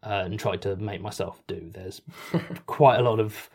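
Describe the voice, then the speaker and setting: Give me a British man with a fairly low voice, chatting hesitantly with wry humour. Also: unhurried, gravelly, darkish tone, slightly rough. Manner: hesitant, with many fillers and dry self-mocking jokes. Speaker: podcast writer and performer. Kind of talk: casual interview answers.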